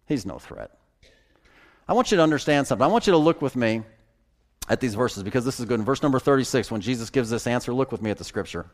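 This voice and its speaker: A man's voice: mid-range voice, expressive, racing. A man pastor preaching a conversational sermon, with sudden emphatic bursts.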